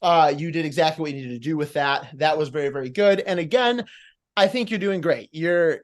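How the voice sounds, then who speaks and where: A man judging a competition on a live panel, giving casual, encouraging feedback and thinking aloud with fillers over a video call. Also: a little high. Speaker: promo competition judge.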